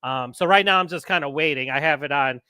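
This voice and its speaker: A man hosting a live podcast stream, chatting casually and rambling excitedly with lots of fillers. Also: on the high side, quick pace, clean tone, no room sound. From United States. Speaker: podcast host.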